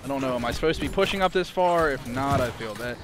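A man giving casual, excitable commentary while playing an online combat game, swearing and calling out targets to teammates. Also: medium pitch, quick pace. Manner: excitable, swears a lot, laughs often. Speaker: gamer streaming his point of view in a clan war. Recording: music playing behind.

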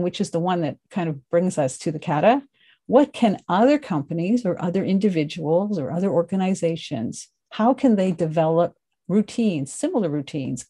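A woman's voice: lowish voice, mellow. A woman with a Canadian accent giving a conversational webinar presentation, explaining ideas with occasional fillers.

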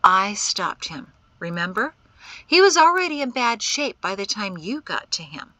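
A cool, resolute young woman, steady and unbending, as read by a woman narrator. The voice is bright, with a lively, rising pitch and a slow pace, in a storybook reading. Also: no room sound. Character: calm, determined young woman leader.

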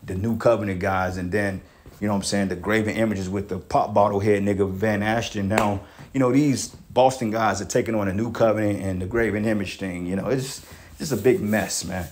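A man's voice: on the low side, fairly even intonation, a little fast, a little mellow, a little hiss or hum. A man preaching a blunt, profane sermon, reading scripture aloud and confronting critics, peppering his speech with "man" and "bro".

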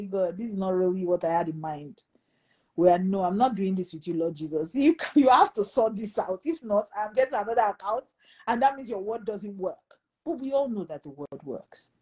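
Husky-voiced Nigerian woman telling a story. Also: on the low side, rough recording. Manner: animated storytelling, acting out quoted voices. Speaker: pastor. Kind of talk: storytelling in a talk show conversation.

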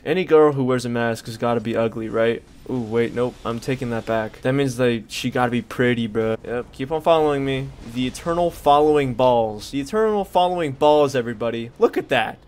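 A young man giving crude, rambling commentary while playing a game, yelling at it when things go wrong. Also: medium pitch, brisk, few pauses. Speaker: gaming streamer. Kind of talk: casual gameplay commentary.

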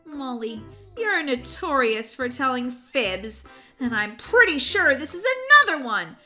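A woman's voice: high voice, big pitch swings, a little slow, pushed and bright, soft background music, full character voice. Daisy, a woman doing a scolding young girl. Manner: lecturing, scolding. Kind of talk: animated roleplay voice acting.

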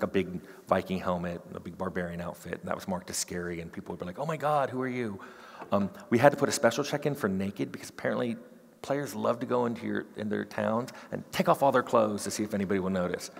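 A middle-aged man giving a fast, animated conference talk, slipping into quick character voices. His voice is low, gravelly and husky. The sound carries a long reverb from a big hall.

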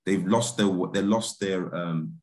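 A man's voice: deep voice, unhurried, a little mellow. A man, a film director talking casually as an interview guest, laid-back and laughing easily, with many restarts and fillers. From Britain.

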